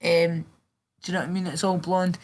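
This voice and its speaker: Young British woman, casual live-stream chatter, lower register, loose and sweary. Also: flat delivery, brisk, a little mellow. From Britain. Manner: chatty, sweary, reads and answers chat. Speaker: livestreamer.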